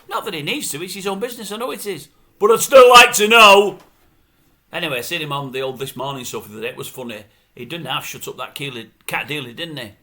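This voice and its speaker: Animated, bright-voiced ranting man. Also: medium pitch, racing, few pauses. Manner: grumbling, animated, mimics others' voices. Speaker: showbiz commentary vlogger. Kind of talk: casual opinionated rant.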